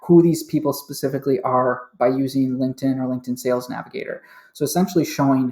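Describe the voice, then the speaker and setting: A man's voice: medium pitch, fairly even intonation, fast talker, darkish tone, roomy sound. A man speaking as a podcast guest, candid and chatty, laughing easily as he recounts his career change. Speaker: interview guest, sales manager. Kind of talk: casual interview chat.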